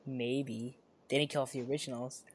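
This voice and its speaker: Here is an excitable podcast co-host in a loose, casual chat. The speaker rambles, restarting sentences and stacking up fillers along the way. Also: mid-range voice, moderate pace, breathy edge.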